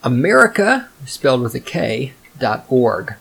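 A man rants alone into his podcast mic, swearing constantly and dripping with sarcasm. His voice sits at an ordinary middle pitch. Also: sing-song, a little slow, gravelly, fairly bright tone, breathy edge. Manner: profane, sarcastic, ranting. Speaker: podcast host. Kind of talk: solo rant monologue.

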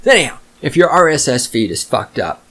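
A man's voice: medium pitch, big pitch swings, fairly quick, fairly bright tone. A man hosting a solo podcast, ranting in a profane, sarcastic way. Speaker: podcast host. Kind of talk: solo rant monologue.

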